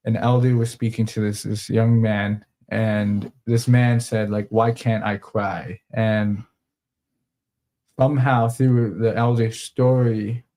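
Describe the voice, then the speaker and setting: Low-voiced guy rambling earnestly on a live stream, lots of restarts. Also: darkish tone. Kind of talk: casual live-stream chat.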